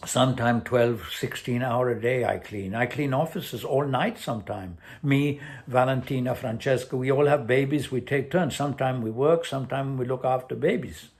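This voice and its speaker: A man's voice: medium pitch, moderate pace, few pauses, darkish tone, voice pushed up, natural voice. A man reading a short story aloud, voicing an exiled Colombian ex-lawyer turned cleaner who speaks blunt, broken English with a Spanish accent. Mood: earnest.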